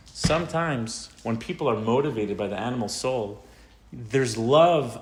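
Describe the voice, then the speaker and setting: Man giving an animated talk to teens. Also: medium pitch, a little slow, slight background noise. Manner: animated, acts out quotes, asks the audience questions. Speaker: rabbi teaching teens. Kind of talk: informal religious talk with a story.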